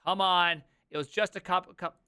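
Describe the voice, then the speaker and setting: A man streaming live, reacting to a video with sarcastic rants and mock sales pitches. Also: steady tone, normal speed, sharp tone, clear, resonant tone, dry recording, studio quality.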